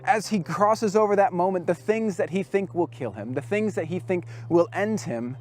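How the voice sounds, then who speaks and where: A man giving a storytelling sermon at a youth camp, dropping his voice low and soft for quoted words. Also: moderate pace, faint music behind.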